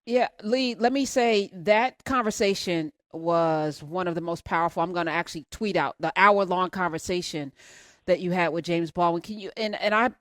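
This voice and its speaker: A woman hosting a call-in talk show, animated and enthusiastic as she brings in callers. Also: lowish voice, moderate pace, no echo, clean studio sound. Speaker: radio show host.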